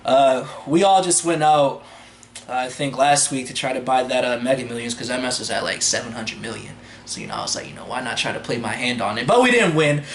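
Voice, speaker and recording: A man's voice: medium pitch, big pitch swings, fairly quick, roomy sound, slight background noise. A young man co-hosting a casual sports podcast, joking around and steering the topics. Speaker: podcast co-host.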